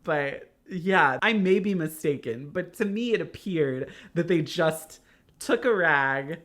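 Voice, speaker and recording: A man's voice: a little high, lively intonation, slow, fairly bright tone. Male podcast co-host, casual chat, rambling and self-deprecating, frequent laughs. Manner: laughs often between phrases.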